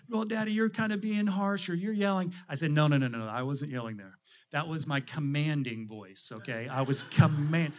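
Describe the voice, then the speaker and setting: A man's voice: a little high, bright, forceful tone. A middle-aged man, a pastor, delivering a conversational sermon full of restarts and rhetorical questions.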